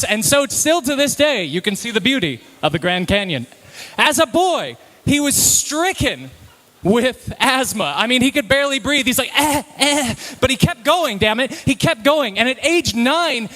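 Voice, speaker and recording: A man giving an energetic, comedic slide presentation to a live audience, with punchy, playful delivery. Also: very high voice. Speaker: presenter at a live talk night.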